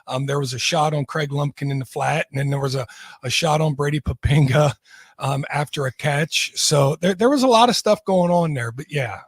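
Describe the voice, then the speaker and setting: A man with a husky, slightly high voice co-hosts sports radio as a former player, recalling old days in a relaxed way. He is close and dry on a studio microphone. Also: normal speed, dry recording. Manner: laid-back, recalls with fillers. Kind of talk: casual sports radio talk.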